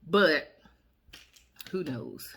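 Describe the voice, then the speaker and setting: A woman, chatting casually to camera as a vlogger, sassy and quick to laugh and exclaim. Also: low-pitched, huge pitch swings, gravelly, fairly bright tone, breathy edge. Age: 30s.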